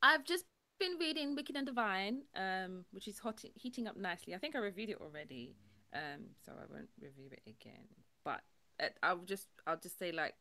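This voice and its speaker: A woman co-hosting a comic and anime podcast, gushing and swinging from murmurs to excited outbursts. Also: medium pitch, normal speed. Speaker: podcast co-host. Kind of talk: casual comic book chat.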